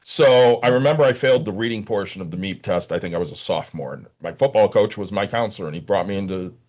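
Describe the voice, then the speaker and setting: A man's voice: on the low side, fast. A man in his forties hosting a podcast, telling stories in a casual chat. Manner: animated storyteller. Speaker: podcast host.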